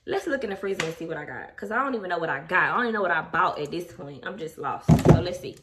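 A woman's voice: fairly low pitch, lively intonation, quick pace. A young adult woman chatting casually with her viewers at home, open and emotional. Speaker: vlogger. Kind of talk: casual vlog chat. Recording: distant mic, faint background noise.

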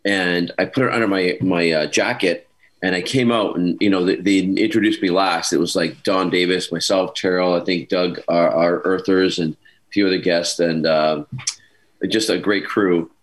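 Low-pitched guy on a zoom call, rambling story, lots of restarts, animated. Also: normal speed, rough recording. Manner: lively storyteller, many restarts and asides. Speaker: panel guest actor. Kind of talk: casual anecdote telling. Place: home, on a video call. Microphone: video call mic.

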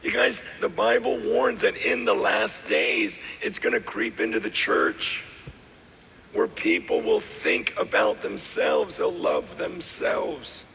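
Male pastor, middle-aged, hoarse; slow, animated sermon delivery with a bright edge, faint background noise. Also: high-pitched. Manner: animated preaching, swinging from shouts to quiet asides. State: hoarse, voice worn out. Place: large hall with live audience. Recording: long hall reverb, faint noise.

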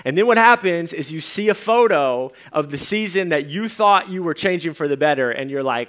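A young male pastor speaks to his church in an easygoing sermon. His voice sits a little high for a man. He tells light stories and slips into playful imitations of friends. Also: lively intonation, moderate pace, few pauses, a bit bright. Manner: casual storytelling with playful imitations. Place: church sanctuary.

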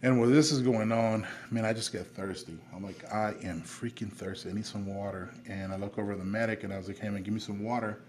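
A man's voice: lowish voice, fairly even intonation, quick pace, hardly any pauses, darkish tone. A man, an army veteran guest on a podcast, telling a personal story in a candid, plainspoken way with frequent fillers.

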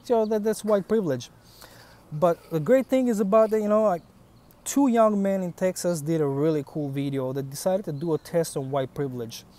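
Man, foreign accent, blunt, profane, storytelling, slightly high, mellow tone. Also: moderate pace. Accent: foreign accent in English. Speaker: vlogger. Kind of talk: casual monologue to camera.

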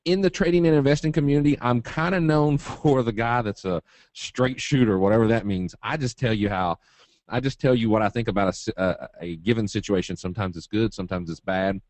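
Kentucky guy w/ a southern drawl, folksy jokey webinar talk, lowish voice, dry sound. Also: brisk, darkish tone, no room sound. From Eastern Kentucky. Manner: folksy, joking, straight-talking. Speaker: trading webinar presenter. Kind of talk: live webinar presentation.

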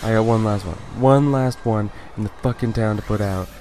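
A man's voice: on the low side, a little fast, mellow, slight background noise. A young man doing let's play commentary, swearing constantly and ranting in exasperation at the game. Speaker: gaming YouTuber. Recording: faint game music behind. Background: game music.

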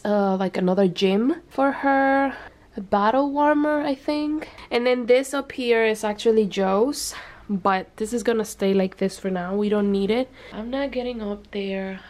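Chatty young woman vlogging from a nursery. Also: mid-range voice. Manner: chatty, thinks aloud with fillers and small laughs. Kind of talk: casual home tour vlog. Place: baby's nursery indoors.

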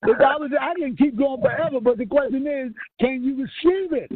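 High-voiced man preaching, profane and fiery. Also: a little fast, over a noisy crowd. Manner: fiery, profane, quizzes listeners with rhetorical questions. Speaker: spiritual leader. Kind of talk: profane call-and-response sermon. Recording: tinny lo-fi line with faint hiss.

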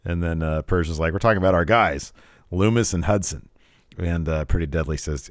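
Man, low deep voice, podcast co-host, casual recap chat, laughs a lot, dry close sound. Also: a little fast, no room sound. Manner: laughs often, animated and joking.

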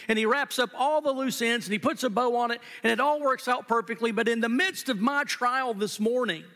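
A very high, pushed, bright male voice belongs to a pastor preaching live in a church sanctuary. Earnest and emphatic, he repeats phrases for weight, and long church-hall reverb fills the recording.

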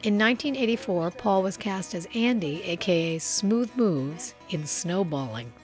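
A woman reading scripted narration for a biography documentary in a measured, even way. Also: fairly low pitch, faint music behind.

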